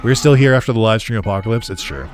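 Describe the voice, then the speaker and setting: A man rants sarcastically while streaming a game, swearing freely and breaking into laughter. His voice swings widely in pitch as he talks. Faint music plays under him. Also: expressive, fast. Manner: ranting, sarcastic, swears a lot, laughs often. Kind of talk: casual gaming stream chat.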